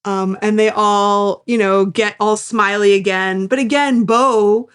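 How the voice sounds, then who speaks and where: Woman co-host, recap chat, mid-pitched voice, keen and animated. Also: unhurried, smooth. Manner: enthusiastic, acts out characters' lines while recapping. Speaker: podcast co-host. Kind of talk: casual podcast recap chat.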